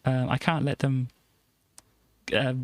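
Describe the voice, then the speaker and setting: A man's voice: mid-range voice, flat delivery, slow, slight background noise, natural voice. A man voicing a fretful, lovestruck young woman in a homemade comic parody, talking in a flustered ramble.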